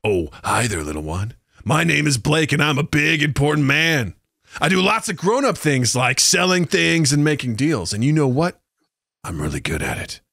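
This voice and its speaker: A man's voice: a little high, big pitch swings, normal speed, creaky, fairly bright tone, dry recording, studio quality, exaggerated voice. Man putting on a cooing big-shot salesman. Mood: patronizing. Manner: sing-song, swooping, patronizing. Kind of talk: comedic reading of chatbot text.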